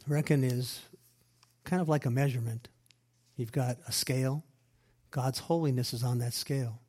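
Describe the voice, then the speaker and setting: A man preaching a sermon, reading scripture aloud and explaining it with emphatic repeated phrases, loud stresses and quiet asides. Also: medium pitch, steady tone, normal speed. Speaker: pastor.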